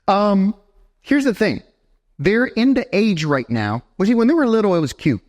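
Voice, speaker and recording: In a church sanctuary, a young man delivers a lively, direct sermon, often pausing to ask the congregation a quick "right?". His high-pitched voice is animated and rises and falls over a wide range.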